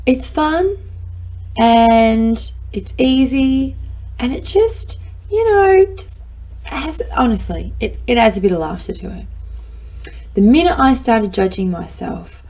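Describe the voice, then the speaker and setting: A middle-aged woman giving a lively, playful motivational talk, acting out her own inner voice. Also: fairly high pitch, slow pace. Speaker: self-help speaker.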